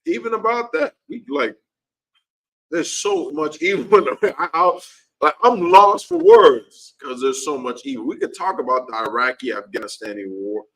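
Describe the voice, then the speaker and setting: A man's voice: a little high, animated, moderate pace, a bit bright, rough recording. A man teaching a class in an impassioned preaching style, heated and repetitive, his voice leaping upward when he gets worked up.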